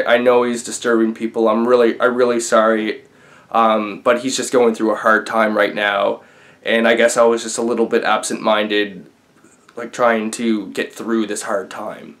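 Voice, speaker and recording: A weary, grieving father apologizing haltingly, as a storyteller puts him on. He speaks softly and a little lower than the narrator's own voice. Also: flat delivery, close to an everyday voice. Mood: apologetic.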